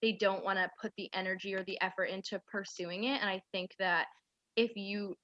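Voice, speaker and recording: Young woman guest, bright and tense, rambling and full of fillers; dry, dull recording. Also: medium pitch, steady tone, a little fast, no echo. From central New York. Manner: rambling storytelling with many "like" fillers. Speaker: guest, aspiring actress. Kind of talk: casual interview chat.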